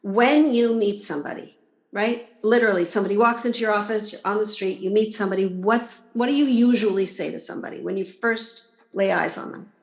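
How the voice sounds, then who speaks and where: A woman's voice: mid-range voice, brisk, echoey room, poor audio. A woman guest on a podcast interview, explaining her ideas and acting out inner voices along the way. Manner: animated, acts out inner voices. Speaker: body-image coach, guest.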